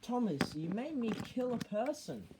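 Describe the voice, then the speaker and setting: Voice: mid-range voice, very animated, unhurried, background noise, voice pushed up. A narrator voicing a female engine in a homemade story. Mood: upset.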